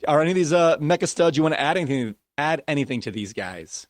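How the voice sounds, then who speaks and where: A man's voice: fairly high pitch, expressive, quick pace, no room sound. Worked-up podcast host man, dry sound. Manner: worked-up ranting, laughing at himself. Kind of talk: casual fantasy football chat.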